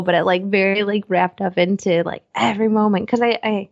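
A woman's voice: mid-range voice, steady tone, brisk, creaky, hardly any pauses, dry recording, lo-fi sound. A woman in her thirties, a co-host chatting casually and acting out her own reactions over a video call. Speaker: podcast co-host. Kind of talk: casual chat.

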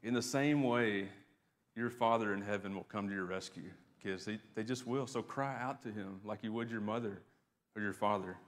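A man's voice: on the low side, moderate pace. Man preaching in a reverberant church. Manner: conversational preaching with fillers and repeated words. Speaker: pastor. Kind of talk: sermon. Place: church sanctuary. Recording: long hall reverb.

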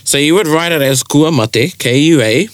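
Animated Māori-accented man, dry sound. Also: a little high, fairly quick, smooth, dry recording. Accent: New Zealand, Māori. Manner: animated storyteller who acts out quoted speech. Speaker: te reo Māori speaker in discussion. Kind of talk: casual chat.

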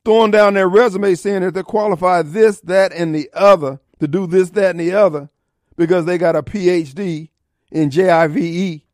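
Man, middle-aged radio host: high, lively pitch, combative mocking rants, dry studio sound. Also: moderate pace, dry recording. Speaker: radio talk show host. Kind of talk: opinionated talk radio monologue.

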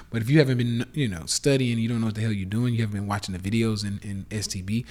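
A man's voice: fairly low pitch, fairly even intonation, fairly quick. A man with a Southern accent hosting a casual rant podcast, blunt and profane, lecturing his listeners as y'all. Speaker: podcast host.

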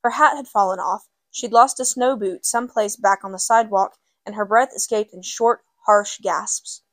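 A woman's voice: medium pitch, normal speed, dry recording. A woman hosting a book segment, casually introducing a novel and then reading its first chapter aloud. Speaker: book reader and host.

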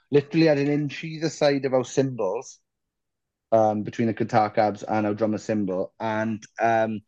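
A man's voice: medium pitch, dark tone, no echo, muffled recording. A man, a musician guest in a casual interview, rambling through self-deprecating stories and swearing casually.

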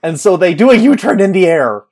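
Man, slightly high voice, casual chat, animated movie recap, acts out lines. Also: brisk. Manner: animated retelling, acting out characters' lines with laughs. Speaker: podcast co-host.

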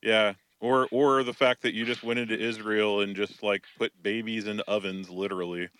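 A man's voice: lowish voice, flat delivery, moderate pace, a bit bright, clear, resonant tone. A man chatting casually on a social audio app in a blunt, dismissive way.

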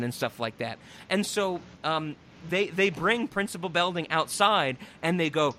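A man's voice: on the high side, slight background noise. A young man on a podcast, recapping a movie in casual comedic chat, swearing, laughing and acting out the characters. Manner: animated, profane, laughing, acts out characters in quick voices. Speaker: podcast host reviewing a movie.

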